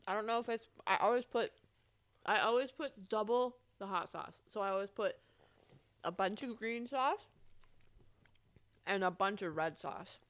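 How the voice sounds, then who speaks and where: A woman's voice: medium pitch, measured pace, long pauses, fairly bright tone. A young woman co-hosting an unedited podcast, talking loosely and laughing as she eats. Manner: loose, rambling, laughs often. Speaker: podcast co-host. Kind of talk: unedited casual chat.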